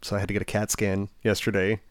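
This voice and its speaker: A man co-hosting a casual chat, telling an animated story and acting out other people's lines with laughs. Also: on the low side, quick pace, no echo, clean studio sound. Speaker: podcast co-host.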